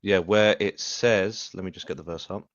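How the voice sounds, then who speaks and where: A man's voice: low voice, steady tone, moderate pace, no echo, dull audio. A man calling in to ask a question, hesitant and polite, with many fillers. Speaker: caller. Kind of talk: call-in question.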